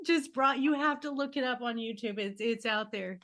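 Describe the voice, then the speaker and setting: A woman hosting a podcast and coaching, telling stories with lively acted-out quotes and closing with an upbeat sign-off. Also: a little high, normal speed. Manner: animated storyteller, acts out quoted voices. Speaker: podcast host and life coach. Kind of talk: casual interview chat.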